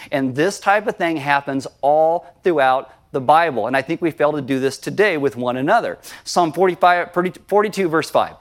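Man pastor, sermon, conversational and animated delivery, fairly high voice.

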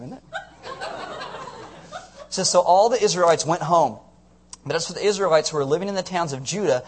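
Playful preacher man with a higher voice. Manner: playful, jokey asides, audience check-ins. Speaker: pastor. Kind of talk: teaching sermon.

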